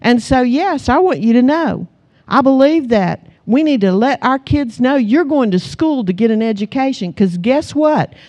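A middle-aged woman preaching to her congregation in a slightly high voice. She tells lively family stories, laughs along the way, and keeps asking the room for an amen. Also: normal speed. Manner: animated storytelling, calls the congregation for amens. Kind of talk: sermon.

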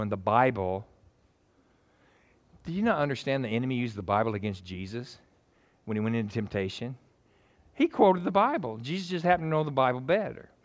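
Animated, joking male preacher. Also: medium pitch. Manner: joking, storytelling, conversational. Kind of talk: casual sermon.

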